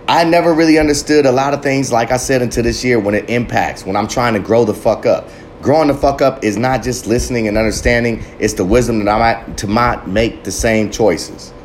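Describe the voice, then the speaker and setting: Man, mid-pitched, fierce and foul-mouthed recovery pep talk, rambling; faint noise in the background. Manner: fiery, swearing, rambling with tangents. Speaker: recovery motivational speaker. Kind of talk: profane motivational monologue.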